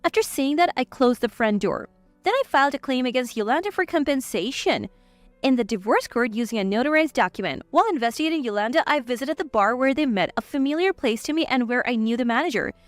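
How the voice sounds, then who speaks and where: Woman narrator for a scripted drama story, high and animated, dry close read. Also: fast talker, no room sound, faint music behind. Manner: lively, cold when retorting.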